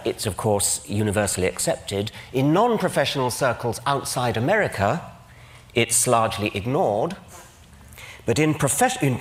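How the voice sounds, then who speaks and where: An older man with an English accent giving a public lecture in a large auditorium, speaking precisely with dry irony. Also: fairly low pitch. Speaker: conference speaker. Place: large auditorium with live audience.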